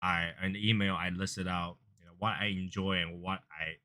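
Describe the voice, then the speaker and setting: There's little movement in his pitch as this cigar review host talks at a moderate pace, casual and earnest. He rambles and repeats himself, though he gets louder and higher while acting out angry callers.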